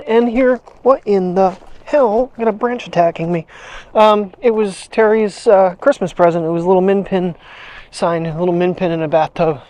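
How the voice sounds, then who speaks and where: A man's voice: high voice, darkish tone. A man chatting casually as he walks his dog outside, rambling from thought to thought. He chuckles often and breaks off to coax the dog along. His voice is picked up close on a wireless clip-on mic. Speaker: daily vlogger. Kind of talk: casual chat. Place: outdoors on a sidewalk, walking a dog.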